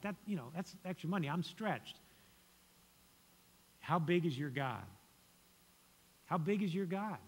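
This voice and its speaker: A young man preaching a sermon as a guest preacher in a conversational, earnest way that challenges his listeners. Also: fairly high pitch. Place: church sanctuary. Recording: church hall reverb.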